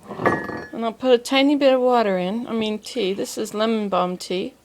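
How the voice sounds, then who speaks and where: Woman, slightly high voice, chatty and meandering, outdoor garden, faint background hiss. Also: normal speed. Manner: chatty, meandering, talks to herself and the camera. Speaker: vlogger. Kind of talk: casual rambling vlog.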